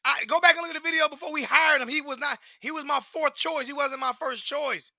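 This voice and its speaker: Profane ranting fan, bright tense voice. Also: male voice, very high-pitched, a little fast, no room sound, clean studio sound. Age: 40s. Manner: profane, repetitive, exasperated ranting. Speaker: sports fan commentator.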